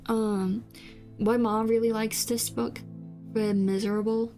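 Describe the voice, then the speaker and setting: A woman's voice: on the high side, flat delivery, measured pace, dark tone. A young woman from South Korea whose first language is Korean, chatting casually on stream in a rambling, hesitant way with many fillers and restarts. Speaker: VTuber streamer. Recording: faint background music.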